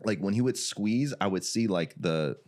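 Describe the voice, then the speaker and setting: A young adult man from Iraq, a jiu-jitsu gym founder, telling a story as a podcast guest in a casual chat, animated and laughing often, with many "like"s. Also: on the low side, moderate pace.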